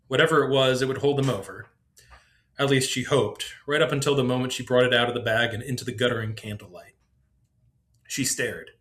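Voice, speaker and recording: A man reads his own story aloud on his podcast. His narration is measured and descriptive, at a middling pitch. He keeps a steady storytelling pace. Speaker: podcast host.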